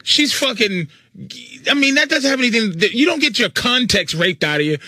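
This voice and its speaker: A male radio regular with a high, piercingly bright voice recorded close and dry. He is blunt and profane, and cuts in with crude jokes. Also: lively intonation, moderate pace, no echo. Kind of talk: crude comedic radio banter.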